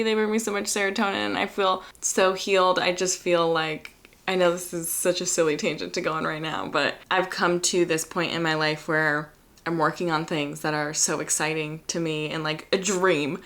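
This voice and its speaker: A woman's voice: medium pitch, fairly even intonation, normal speed, fairly bright tone. A young woman talking in a chatty, earnest, reflective way at home by an open window, laughing often. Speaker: vlogger. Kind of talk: casual reflective vlog talk.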